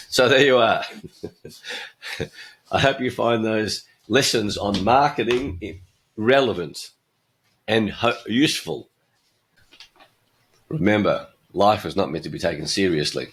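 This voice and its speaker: A man's voice: mid-range voice, fairly bright tone. Aussie podcast host, older guy, blunt opinions, chuckles at his own gags. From Australia. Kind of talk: opinionated monologue with jokes.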